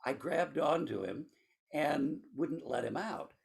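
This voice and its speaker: A man's voice: a little high, slow, creaky. A man, a voice actor, telling stories as a guest in a casual conversation. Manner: animated storyteller.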